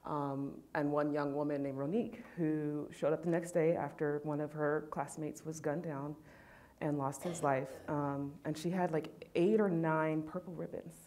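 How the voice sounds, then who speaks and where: Panel speaker, woman, low register, heartfelt and emotional storytelling. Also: fairly even intonation, normal speed, dark tone. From California.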